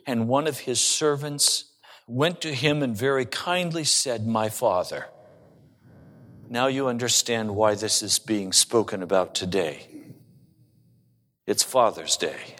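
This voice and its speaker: Slow, unhurried male pastor preaching. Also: mid-range voice, a bit bright, long reverb tail. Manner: storytelling with humor. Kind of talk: sermon.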